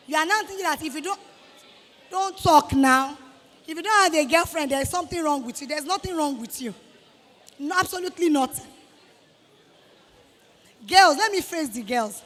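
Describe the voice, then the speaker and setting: A woman with a Nigerian accent and a high, bright voice addresses students as a guest speaker, giving a motivational talk. She scolds with lively energy and acts out the people she quotes. Her voice rings through a large hall with a long reverb tail.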